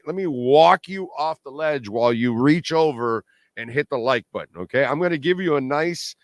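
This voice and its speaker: A middle-aged man hosting a postgame sports talk livestream, animated and blunt, repeating points for emphasis. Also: medium pitch, dry recording, studio quality. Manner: blunt and salty, pleads with viewers. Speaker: sports talk show host.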